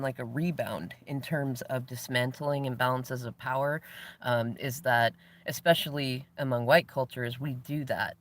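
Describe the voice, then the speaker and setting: A man around forty hosts his own show and tells a story as a reflective, spiritual monologue. He speaks at a medium pitch, animated and laughing often.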